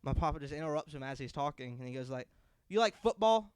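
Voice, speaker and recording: A man's voice: medium pitch, racing, clear, resonant tone, dry recording. A young man on a podcast telling a family story in casual chat, acting out the people he quotes. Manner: animated storyteller, acts out quotes loudly. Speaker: podcast co-host.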